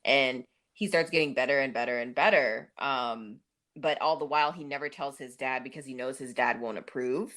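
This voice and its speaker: A woman's voice: extremely low pitch, normal speed, fairly bright tone. A woman co-hosting a podcast, recapping a movie in a chatty, casual way with plenty of fillers. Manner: chatty, many fillers and laughs. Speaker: podcast co-host.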